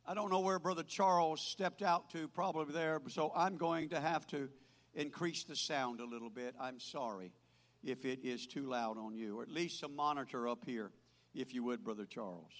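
An older man preaching a sermon as pastor, swinging from loud proclaiming to quiet asides. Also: medium pitch, moderate pace. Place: church. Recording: hall reverb.

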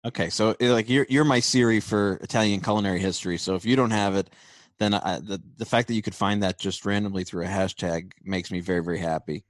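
A man's voice: lowish voice, steady tone, fast, no room sound. A man with a Brooklyn accent hosting a radio show, chatty and laughing easily. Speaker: host. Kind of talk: casual radio talk.

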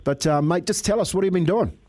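A man's voice: sits high, fast talker, dark tone. A middle-aged man hosting a sports radio show, joking with his guest in matey banter. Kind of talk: casual sports radio chat.

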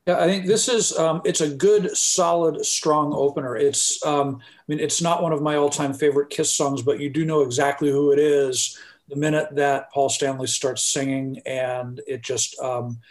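A man talking casually as a podcast co-host, pausing often with fillers and restarts. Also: on the high side. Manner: hesitant, many fillers and restarts. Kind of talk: casual chat.

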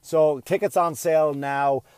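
A middle-aged man hosting his own podcast, delivering a loud, profane comedic rant. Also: fairly high pitch, steady tone, a little slow, clear, resonant tone, no echo, clean studio sound.

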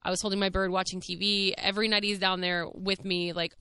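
A woman's voice: mid-range voice, flat delivery, fairly quick, few pauses, pushed and bright, smooth. A young woman, candidly telling her own story on her podcast in a chatty, swearing, filler-heavy way. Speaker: podcast host. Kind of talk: casual monologue.

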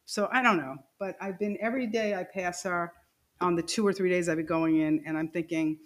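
A woman's voice: fairly low pitch, quick pace. A woman telling a personal story as a podcast guest. She laughs as she goes and acts out the lines of the people in it. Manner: animated, laughing storyteller who acts out quoted dialogue.

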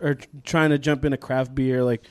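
A man's voice: mid-range voice, level tone, a little fast, clean tone. A man co-hosting a podcast in casual chat, easygoing and curious. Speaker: podcast co-host.

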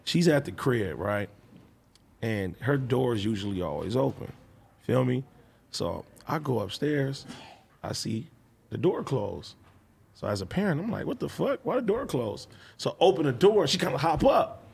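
A man in his thirties telling a profane, animated story about his daughter in casual chat, laughing as he goes. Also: mid-range voice, normal speed, creaky, slight background noise.

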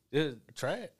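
A man's voice: on the high side, slightly rough. A man co-hosting a casual podcast, blunt and enthusiastic, swearing often. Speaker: podcast co-host. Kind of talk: casual chat.

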